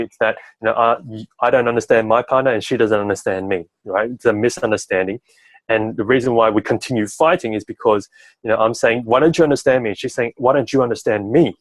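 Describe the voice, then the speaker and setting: A man with a fairly low voice gives relationship advice in an easygoing, talkative way. He keeps checking in with "right?" after each point. The sound is dry and close, with no room echo. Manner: talkative, tags sentences with "right?". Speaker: relationship coach. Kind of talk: advice-giving conversation.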